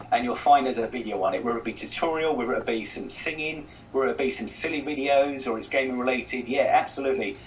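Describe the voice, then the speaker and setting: A chatty man with a South East English accent, answering as a guest in a relaxed conversation. His voice sits a little away from the mic, with a faint hiss underneath, and his pitch is mid-range for a man. He rambles and repeats words as he goes. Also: distant mic, low-quality recording. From South East England. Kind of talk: casual chat.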